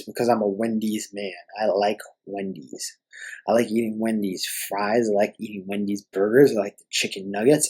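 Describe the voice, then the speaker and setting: A man's voice: medium pitch, darkish tone, slightly rough, rough recording. A young man hosting a podcast, ranting in an exasperated, profane way. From Canada. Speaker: podcast host.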